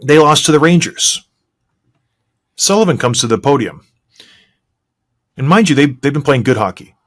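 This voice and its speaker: A man's voice: mid-range voice, lively intonation, moderate pace. A man hosting a sports podcast, a former player giving emphatic opinions. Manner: emphatic, mocking impressions of coaches.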